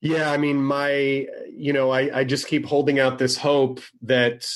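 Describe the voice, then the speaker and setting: A man's voice: medium pitch, flat delivery, unhurried. A man in casual conversation, rambling with many fillers and restarts. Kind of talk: casual chat.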